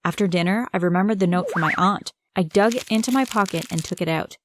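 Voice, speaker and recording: A woman narrating an animated first-person story, in a conversational tone that speaks straight to the viewer. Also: fairly low pitch, fast, dry recording, studio quality.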